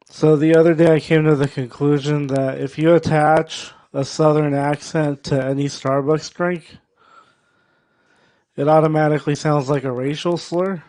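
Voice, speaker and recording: A male stand-up comic performs a set on stage, his voice sitting a little high for a man. He talks loud and profane, egging the audience on between jokes. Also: flat delivery, normal speed. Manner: loud, profane, crowd-work banter. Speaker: stand-up comedian. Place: comedy show stage.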